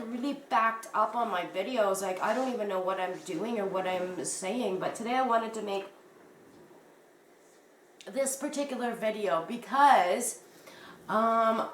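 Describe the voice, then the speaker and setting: A woman's voice: on the high side, recorded from a distance. A woman vlogger, congested and sniffling, chatting casually to camera and rambling as her voice trails off. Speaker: crochet vlogger. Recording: echoey room, faint noise.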